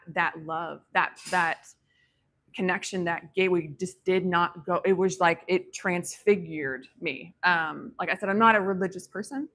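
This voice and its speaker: A woman with a gravelly, bright, fairly low voice tells a personal story in a loose, rambling way. She restarts her sentences often and fills the pauses with "um" and "like." Her tone stays reflective and spiritual. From grew up on a ranch. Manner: rambling, many fillers and restarts. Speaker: guest telling a personal story. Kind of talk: casual spoken storytelling.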